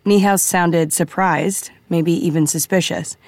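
A woman narrating an audiobook in a measured, quietly suspenseful way. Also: on the low side, steady tone.

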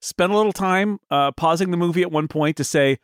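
A man co-hosting a casual film podcast, rambling and animated with many restarts and mock-indignant humor. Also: high voice, a little fast, smooth, dry recording, studio quality. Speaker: podcast co-host.

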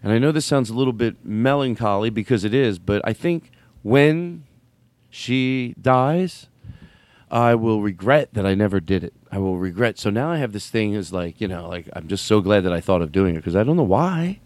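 A man hosting a casual comedy podcast in a dry, close studio sound. His pitch swings widely as he rambles. When a bit gets going he jumps up high and laughs through his lines. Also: expressive, moderate pace, a little mellow, dry recording. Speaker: podcast host.

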